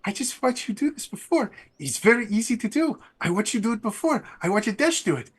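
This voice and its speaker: A man voicing a cheerful, fearless young woman who is always enthusiastic, in a chirpy, high voice. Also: expressive, a little fast, slightly rough. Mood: cheerfully confident.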